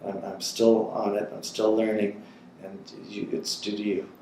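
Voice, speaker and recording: Man, 60s, low-pitched, oral history storyteller, animated and anecdotal, roomy echo and faint background noise. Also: a little slow. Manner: animated anecdotal storyteller who acts out quotes. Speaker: interviewee.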